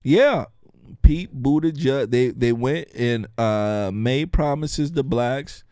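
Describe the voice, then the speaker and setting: A man's voice: mid-range voice, slow pace, warm tone, clean tone, no echo. A man hosting his own show, delivering a mocking, jokey political commentary monologue. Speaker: show host.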